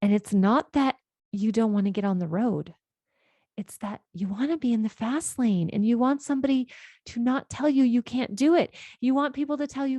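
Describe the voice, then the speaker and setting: A woman's voice: fairly high pitch, normal speed, mellow, no echo, clean studio sound. A middle-aged woman hosting a podcast as a life coach, telling a client's story in an earnest way and acting out the quoted lines. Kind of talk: solo podcast monologue.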